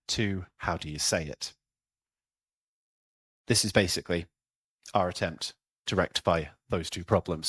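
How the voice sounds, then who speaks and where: A man with a North Welsh accent and a fairly low voice gives a presentation on place names, recorded without echo. His humour is dry and self-deprecating, and he says "um" a lot.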